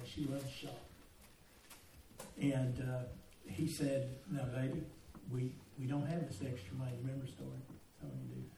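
A man's voice: medium pitch, warm tone, slight background noise. Older man preaching in an echoey church. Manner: folksy, joking storyteller turning earnest. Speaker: pastor. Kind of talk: sermon. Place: church sanctuary. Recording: roomy echo, mic at a distance.

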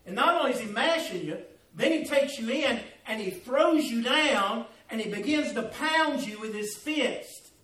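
A male pastor giving an animated, storytelling sermon in a church. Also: very high-pitched, normal speed, echoey room, far from the mic, rough recording.

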